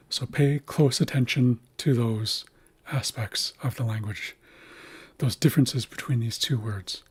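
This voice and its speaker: A man teaching a language in a livestream lesson, speaking slowly and carefully and repeating words to show how they are said. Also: medium pitch, slightly rough.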